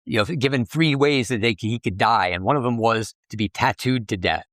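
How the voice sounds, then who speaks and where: A middle-aged man, a guest on a podcast, tells animated anecdotes about his sideshow life, often restarting his sentences. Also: mid-range voice, a little fast, no room sound, clean studio sound. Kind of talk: casual interview storytelling.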